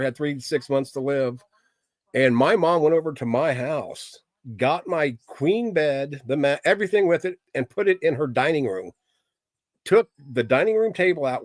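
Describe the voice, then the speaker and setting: A man's voice: medium pitch, no echo. Plain-spoken middle-aged man chatting candidly. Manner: rambling, plain-spoken and candid, with frequent fillers. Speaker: livestream host chatting with viewers. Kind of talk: casual livestream chat.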